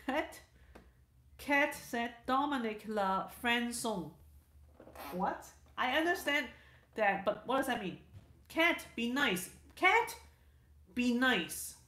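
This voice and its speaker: Woman hosting a live stream, chatty, repeats herself a lot, slow easy pace, roomy echo. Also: on the high side, animated, fairly bright tone. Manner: chatty, restarts sentences, repeats words, laughs often. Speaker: livestream host. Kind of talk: casual livestream chat reading viewer comments.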